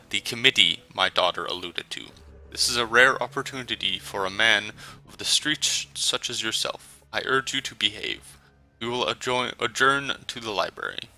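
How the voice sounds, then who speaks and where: A man voicing a cold, stately older male tycoon in a video game, giving formal, measured commands. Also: fairly low pitch, sharp tone, poor audio.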